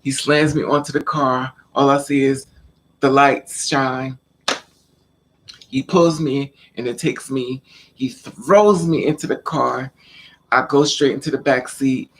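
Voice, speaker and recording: Vlogger, male, casual storyteller; animated, acts scenes out, repeats words for emphasis. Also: medium pitch, slow, slight background noise.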